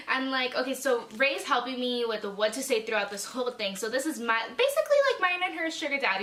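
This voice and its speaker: A woman's voice: a little high, lively intonation, fast, hardly any pauses, bright, forceful tone. A young woman telling a dramatic, chatty storytime vlog, swearing freely. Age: young adult. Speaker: vlogger. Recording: echoey room, mic a bit far.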